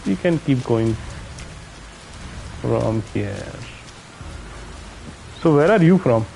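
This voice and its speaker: Gravelly-voiced Indian man streaming a game. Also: medium pitch, expressive, drawn-out words, dark tone, slight background noise, poor audio. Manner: muttering to himself, chatting with viewers. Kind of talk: casual gameplay commentary.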